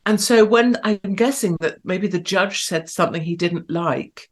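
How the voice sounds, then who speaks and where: A woman hosting an online show, giving provocative, sarcastic commentary and talking to her live chat. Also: measured pace. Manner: provocative, sarcastic, big swings in pitch and loudness.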